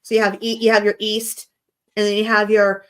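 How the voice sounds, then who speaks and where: A woman's voice: medium pitch, flat delivery, a little fast, fairly bright tone. A woman from the United States chatting casually and explaining things patiently, laughing easily. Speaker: guest co-investigator. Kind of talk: casual chat.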